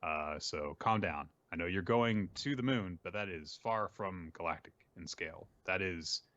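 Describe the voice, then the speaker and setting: Guy recapping manga chapters, jokey, does silly high voices, kinda dull lo-fi audio. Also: normal speed, a bit bright, dry recording. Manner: jokey, puts on high voices for quoted characters. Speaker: podcast host recapping manga. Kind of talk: casual recap chat.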